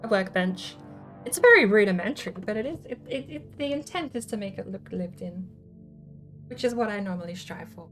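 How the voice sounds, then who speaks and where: A woman's voice: medium pitch, lively intonation, a little fast, a bit bright, faint music behind. A woman hosting a casual livestream, thinking aloud as she explains her game build ideas. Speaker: streamer host.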